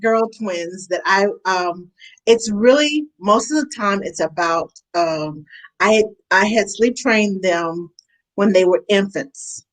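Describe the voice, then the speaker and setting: A woman's voice: medium pitch, takes it slowly, poor audio. A woman nanny chiming in. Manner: supportive interjections, agreeing. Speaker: nanny, co-host. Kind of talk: casual livestream chat.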